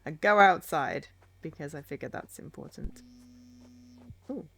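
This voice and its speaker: A woman's voice: low-pitched, lively intonation, a little slow, creaky, fairly bright tone, breathy edge. A young woman streaming a game, chatting playfully and giggling at her finds. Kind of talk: casual game stream commentary.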